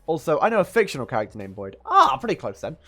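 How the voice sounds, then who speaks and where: A man's voice: fairly high pitch, huge pitch swings, fast talker, pushed and bright, faint music behind. A man hosting a livestream, chatting casually and teasing his guest while reading chat. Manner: playful, teasing, reacts to chat. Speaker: streamer host.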